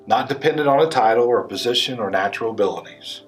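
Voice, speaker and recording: A male pastor preaching a sermon and retelling a story with animated, acted-out quotes. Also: mid-range voice, quick pace, few pauses, faint music behind. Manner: animated storytelling, voicing biblical figures in quotes.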